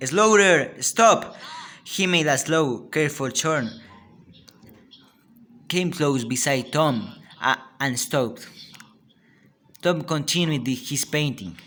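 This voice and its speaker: A man with a Spanish accent reads a story aloud at a very slow pace. His voice sits at a medium pitch. The delivery is halting, with frequent restarts. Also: fairly bright tone. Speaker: student.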